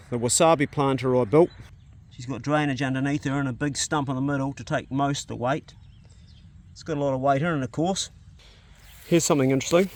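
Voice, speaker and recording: A man with a New Zealand accent chatting casually as he walks around his rural homestead, filming on a handheld camera. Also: mid-range voice. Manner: chatty, matter-of-fact, casual swearing. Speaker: vlogger. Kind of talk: casual narration while working outdoors.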